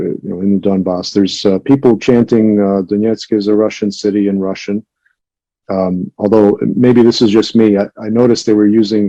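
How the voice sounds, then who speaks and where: A male podcast host with a lowish, very dark, mellow voice asks questions in an earnest, tentative way, thinking aloud as he goes. The sound is dry and dull, with no room echo. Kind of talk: interview questions and commentary.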